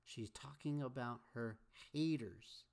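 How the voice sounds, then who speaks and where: A man's voice: mid-range voice, takes it slowly, vocal fry, darkish tone. A man hosting casual reaction commentary, scolding and chiming in with repeated agreement. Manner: scolding, repeats catchphrases like 'amen'. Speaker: commentary host.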